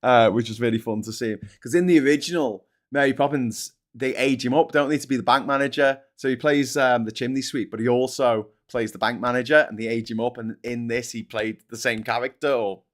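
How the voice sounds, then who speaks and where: A man's voice: medium pitch, steady tone, a little fast, hardly any pauses. A middle-aged man hosting a live stream, chatting casually and reading viewer comments, rambling and swearing, often laughing.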